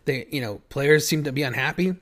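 A man's voice: mid-range voice, brisk, a bit bright. A man co-hosting a casual sports chat who rambles and repeats his words. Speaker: podcast co-host.

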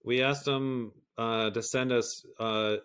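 Profane, animated middle-aged man. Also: mid-range voice, slow, clean tone. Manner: profane, animated, rambling with many restarts. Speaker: guest, personality system creator. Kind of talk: candid interview conversation.

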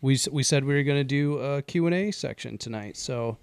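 A man's voice: medium pitch, a little fast, creaky, clear, resonant tone, dry recording. Easygoing man co-hosting a podcast. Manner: easygoing, steers the conversation to the next segment. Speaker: podcast co-host. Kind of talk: casual chat.

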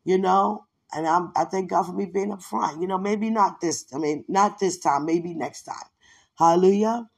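A woman's voice: on the low side, normal speed, vocal fry, slightly rough. A woman podcast host giving a fervent, rambling devotional testimony with many fillers.

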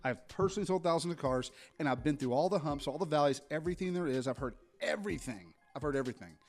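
Animated storytelling male podcast host. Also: a little high, fast. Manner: animated storyteller, acts out customer exchanges. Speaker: podcast co-host, car salesman. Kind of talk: casual podcast chat.

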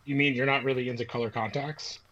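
A man's voice: medium pitch, steady tone, fast, sharp tone, slight background noise. A man co-hosting a casual podcast chat, wry and sarcastic. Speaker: podcast co-host. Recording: dull lo-fi mic.

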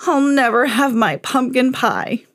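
A woman putting on a croaky grumpy old man. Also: high voice, expressive, unhurried, voice pushed up. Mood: whiny.

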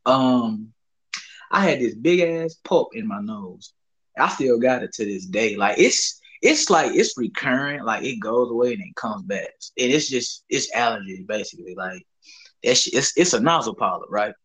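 A man's voice: medium pitch, animated, moderate pace, a bit bright, husky, rough recording. A young man from the Southern US telling a rambling, profane story in a laid-back, casual chat. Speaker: podcast co-host.

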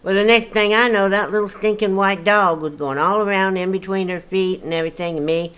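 An older woman spinning a story from her own life in a relaxed, chatty way. She talks in a folksy manner, breaking into exclamations as the story builds. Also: mid-range voice, a little fast, clear, resonant tone. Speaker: storyteller guest. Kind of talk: casual storytelling.

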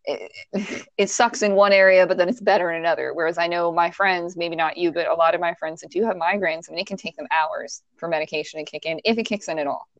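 A woman's voice: fairly low pitch, fast talker, no echo, highs cut off. Chatty woman telling stories, dry sound. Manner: animated, laughs often, acts out quotes. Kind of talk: casual storytelling chat.

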